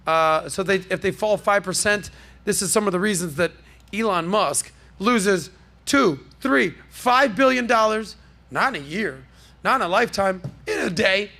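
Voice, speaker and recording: A man's voice: high-pitched, expressive, moderate pace, vocal fry, sharp tone. A man hosting a casual pop-culture podcast, riffing in a brash, jokey, salesman-like way from a podcast studio. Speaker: podcast host.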